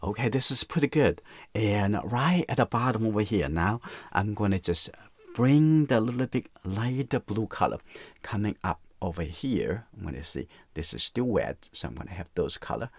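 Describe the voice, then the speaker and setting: A man with teaching watercolor in a relaxed live painting demonstration, softly talking through each step and often saying "okay, that's good.". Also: on the low side, normal speed, vocal fry, breathy edge, dry recording.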